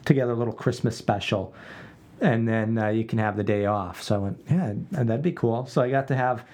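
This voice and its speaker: A man's voice: mid-range voice, brisk, darkish tone. Easygoing man co-hosting a podcast. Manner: easygoing, dry joking, many restarts. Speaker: podcast co-host and radio worker. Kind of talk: casual podcast chat. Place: home podcast room with blankets on walls.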